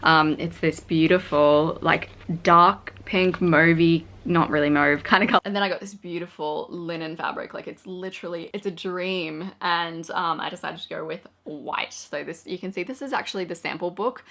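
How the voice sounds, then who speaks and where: A young woman in her twenties rambles happily to her viewers in a casual vlog. Her voice is bright and forward, set slightly low, and she keeps tumbling from one thought to the next with plenty of "like"s. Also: moderate pace, hardly any pauses. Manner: excited, chatty, rambling with many "like"s. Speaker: vlogger. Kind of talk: casual talk to camera.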